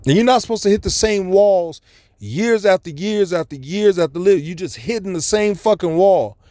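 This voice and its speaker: A man's voice: high voice, expressive, normal speed, dark tone, no room sound, studio quality. A man preaching a blunt, profane, scolding street sermon to his listeners.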